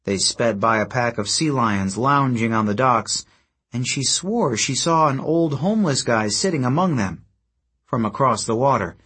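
Brief: husky male storyteller, mid-pitched, steady scripted narration. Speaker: audiobook narrator.

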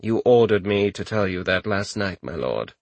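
A man's voice: fairly low pitch, very animated, moderate pace, a bit bright, husky, no room sound, exaggerated voice. A man voicing a disapproving, sour-spoken chamberlain with a stiff, formal manner.

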